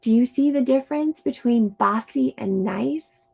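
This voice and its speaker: Woman, storytime reader for kids, slow unhurried pace, gravelly edge. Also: a little high. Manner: slow, gentle, explaining to young kids. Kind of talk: reading aloud to children.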